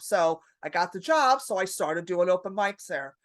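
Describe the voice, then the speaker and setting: A woman comedian, a podcast guest, telling stories in a lively, profane way and acting out her own panic. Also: medium pitch, normal speed, hardly any pauses, dry recording, clean studio sound. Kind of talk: casual podcast storytelling.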